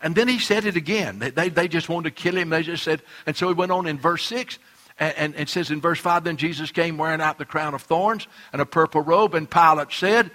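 A man preaching a sermon as pastor, swinging between loud emphatic lines and quiet, hushed ones. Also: on the high side, fairly quick.

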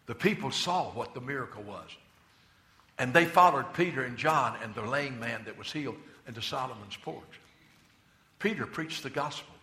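A man preaching a sermon as pastor, emphatic, swinging between loud declarations and quiet asides. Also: medium pitch, reverberant. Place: church.

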